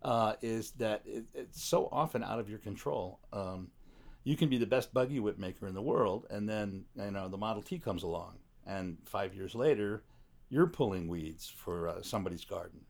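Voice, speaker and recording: A man's voice: on the low side, moderate pace, gravelly, a little mellow. A middle-aged man in casual conversation, reflective and blunt, swearing now and then, speaking from the back room of a recording studio. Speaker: guest.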